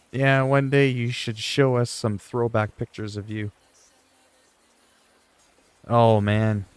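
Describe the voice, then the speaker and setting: A man's voice: medium pitch, little pitch movement, takes it slowly, long pauses, clear, resonant tone, dry recording. A man, livestreaming and chatting casually while gaming, rambling and joking playfully. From Canada.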